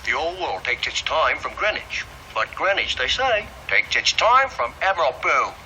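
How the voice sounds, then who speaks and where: A man's voice: fairly high pitch, very animated, moderate pace, a little hiss or hum, exaggerated voice. An actor playing a cheerful man guiding visitors, in a jaunty sing-song film voice. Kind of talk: film musical acting. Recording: film soundtrack with loud music.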